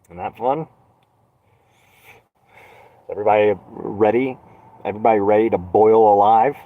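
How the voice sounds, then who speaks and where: A man's voice: on the low side, moderate pace. Sarcastic man rambling on a tinny stream. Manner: sarcastic, rambling, swearing, dark jokes. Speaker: live streamer. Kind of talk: rambling solo live stream. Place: inside a van. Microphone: phone.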